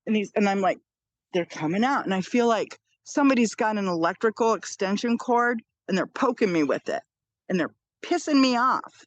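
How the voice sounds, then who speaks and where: An older woman tells a deeply personal story in an earnest, animated way, circling back and repeating phrases for emphasis. Her voice sits at an ordinary middle pitch, recorded dry and close. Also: moderate pace, no room sound, muffled recording. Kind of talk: personal near-death story.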